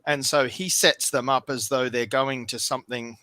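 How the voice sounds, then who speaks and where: A man's voice: medium pitch, fairly even intonation, normal speed, pushed and bright. A man from Australia with an Australian accent, chatting casually on a stream, easygoing and rambling with frequent ums. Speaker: stream host. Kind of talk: casual chat.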